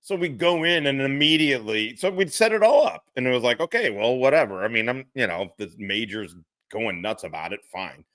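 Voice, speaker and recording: A man's voice: medium pitch, lively intonation, brisk, a bit bright, no echo, studio quality. A middle-aged man casually telling a rambling, profane story and acting out the people in it. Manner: rambling, profane, laughing, acts out quoted officers. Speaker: podcast co-host.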